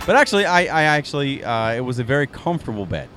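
A man co-hosting a casual podcast outdoors at a racetrack campsite, teasing and joking with quick asides. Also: fairly high pitch, sing-song, a bit bright, faint music behind. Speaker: podcast co-host. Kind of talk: casual chat.

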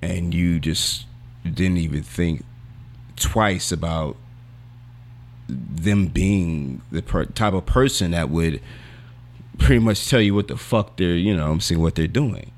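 A man's voice: sits low, takes it slowly, long pauses. A young man co-hosting a podcast in casual, slangy, rambling chat while losing his voice. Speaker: podcast co-host.

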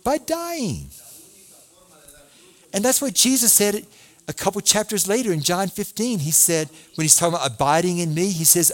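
A man's voice: sits high, normal speed. A man preaching a sermon as a pastor, reading scripture aloud and asking his listeners questions. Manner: animated preaching, reads scripture aloud, asks the congregation questions.

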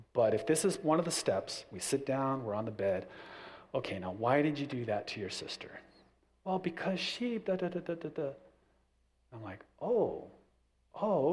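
Animated middle-aged man giving parenting advice. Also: medium pitch. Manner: animated, acts out little scenes with family voices. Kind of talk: casual talk.

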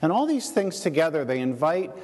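A man's voice: a little high, very animated, darkish tone. Reflective man preaching in a reverberant hall. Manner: reflective, halting with many fillers and restarts. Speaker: pastor. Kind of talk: shared sermon.

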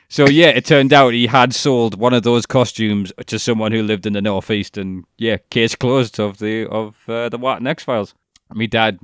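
A man's voice: mid-range voice, a bit bright, clean tone, no room sound. A young man, chatting casually as a podcast co-host. He rambles and swears between bursts of laughter. His voice is recorded dry and close to the mic. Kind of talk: casual chat.

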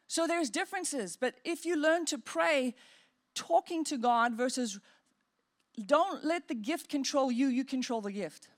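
A woman pastor preaching a sermon in an animated way, acting out inner voices and demonstrating praying in tongues. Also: sits high, a little slow.

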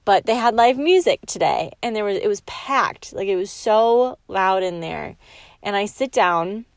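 A young woman with a medium-pitched voice hosts a podcast, first leading a guided relaxation softly, slowly, and soothingly, at times quietly whispering. Then she tells a personal story in a chatty, animated way, full of "like" fillers. The audio is studio quality with no echo.

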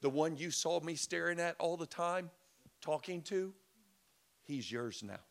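A man's voice: fairly high pitch, lively intonation, measured pace, vocal fry. A middle-aged man preaching a sermon, telling stories in a chatty way and acting out quotes. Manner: conversational storytelling with laughs and acted quotes. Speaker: pastor.

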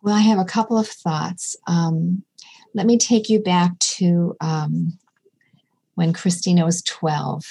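A woman's voice: fairly low pitch, fairly even intonation, slow pace, vocal fry, mellow, husky. A middle-aged woman, a podcast guest, talking earnestly and telling stories with quoted dialogue. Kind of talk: casual conversation.

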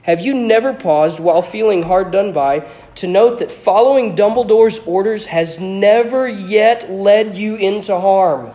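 A man reads aloud as a sly, haughty ghostly professor trapped in a painting, drawling smoothly and lazily with open condescension. His voice sits a little high and he lectures the boy with scorn, all in a storybook reading. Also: animated, normal speed, darkish tone, lightly acted. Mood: scornful lecture. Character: sly, haughty dead male professor in a portrait.

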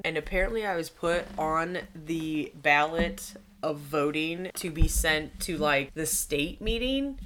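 Chatty woman spinning animated stories. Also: low voice, slight background noise. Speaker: podcast co-host. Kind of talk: casual chat.

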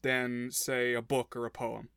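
A man's voice: mid-range voice, monotone, measured pace, vocal fry, fairly bright tone, smooth, dry recording, clean studio sound. A man co-hosting a podcast, giving thoughtful, wry analysis in casual chat. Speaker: podcast co-host.

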